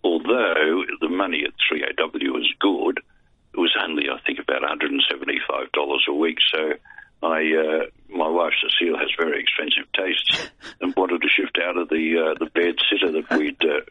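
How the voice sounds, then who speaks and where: Calling in as a guest for a casual interview, a veteran Australian broadcaster and voice artist wanders through anecdotes, putting himself down with dry humor. He is older and toothless, so his speech sounds gummy, and his very deep, husky voice stays fairly even in intonation at a moderate pace. The phone line is tinny and dry, with no room sound.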